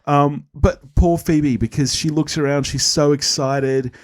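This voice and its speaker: A man co-hosting a podcast in casual chat, animated and laughing often as he acts out lines. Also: on the high side, unhurried. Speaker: podcast co-host. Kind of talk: casual chat recapping a sitcom episode.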